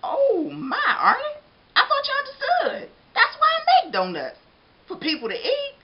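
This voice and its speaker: A woman reading aloud, voicing a cheerful, loud male baker with a booming, jolly manner. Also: huge pitch swings, normal speed, a little hiss or hum, exaggerated voice. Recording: dull lo-fi recording.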